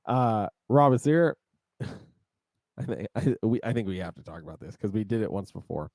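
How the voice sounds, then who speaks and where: Low-voiced laid-back podcast man. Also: normal speed, gravelly, a little mellow, no room sound, clean studio sound. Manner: laid-back, laughs easily. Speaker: podcast co-host. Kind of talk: casual chat.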